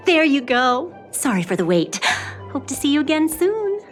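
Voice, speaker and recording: Woman voicing a giggly flower shop clerk, high, swooping sing-song, drawn out. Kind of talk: game voice acting.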